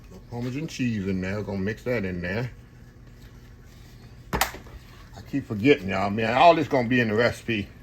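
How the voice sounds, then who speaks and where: Folksy and casual, an older home cooking host talks to his y'all audience as he prepares food in his kitchen. His lowish voice moves at a normal pace with long pauses, against a noisy background.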